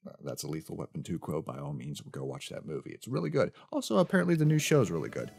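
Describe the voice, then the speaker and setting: Man with offhand, low-key gaming asides. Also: very animated, fast talker, vocal fry, darkish tone, slightly rough. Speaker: let's play co-commentator. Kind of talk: casual commentary over gameplay.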